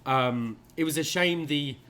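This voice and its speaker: A man's voice: fairly high pitch, unhurried, a bit bright. A man co-hosting a podcast in casual chat, hesitant, often stammering and restarting before he laughs. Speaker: podcast co-host.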